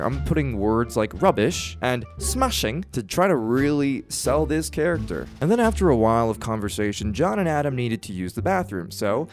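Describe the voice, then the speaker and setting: A man in his twenties telling a personal story in an animated, self-mocking way. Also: mid-range voice, fairly quick, hardly any pauses, faint music behind. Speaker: vlogger.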